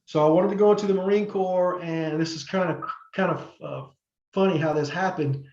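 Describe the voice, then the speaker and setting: A middle-aged man tells long stories as a podcast guest, rambling with fillers and restarts. His voice sits fairly high for a man. The sound is roomy and a little muffled. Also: steady tone, brisk, a little mellow. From North Carolina, USA. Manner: rambling, many fillers and restarts, acts out quoted people. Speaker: podcast guest, former wrestler. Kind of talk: casual interview storytelling.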